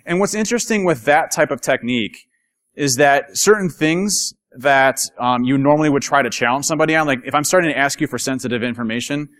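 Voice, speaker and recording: A man giving a casual, chatty conference talk to a live audience, telling stories in an animated way. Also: mid-range voice. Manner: chatty, animated, acts out quoted voices. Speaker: conference speaker.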